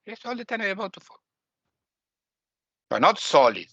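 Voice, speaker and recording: A man's voice: sits high, sing-song, moderate pace, gravelly, a bit bright, no echo. A man with as his giving a spiritual lesson, repeating key phrases emphatically with phrasing. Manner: emphatic, repetitive teaching, non-native phrasing. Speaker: spiritual teacher. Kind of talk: spoken lesson.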